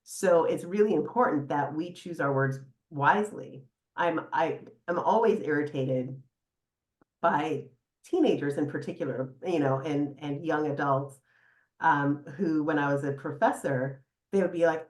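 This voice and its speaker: A middle-aged woman psychotherapist speaks as a podcast guest in a fairly low voice. She talks in an animated, warm-humored way and laughs easily. The sound carries the echo of a live room. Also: measured pace. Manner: animated, laughs often, guides listener through exercise. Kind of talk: casual podcast interview. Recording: echoey room.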